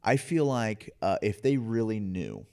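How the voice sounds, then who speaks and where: A lower-pitched man holds forth as a podcast co-host in loose, casual chat. He rants with real passion and hits his points hard. He often stumbles and restarts mid-sentence. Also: expressive, measured pace, vocal fry, warm tone, clear, resonant tone. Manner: passionate, ranting, emphatic with frequent restarts.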